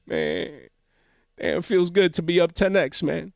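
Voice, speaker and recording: Hype host, man, slangy and excitable, a bit higher voice, faint music bed. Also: unhurried, gravelly. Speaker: card market channel host. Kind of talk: hyped market commentary. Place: home.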